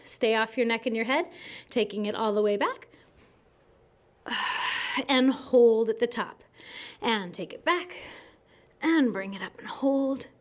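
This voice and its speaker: High-voiced woman cueing a Pilates workout. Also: measured pace, long pauses. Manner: encouraging, cueing moves while exercising along. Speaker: Pilates instructor. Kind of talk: guided workout instruction.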